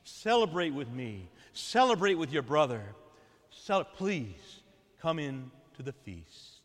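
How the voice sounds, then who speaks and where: A man voicing a loving older father who pleads tenderly with his son, slowing down and growing quieter. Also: fairly high pitch, sing-song, long reverb tail, full character voice. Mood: pleading. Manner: begging softly, slowing and dropping quieter.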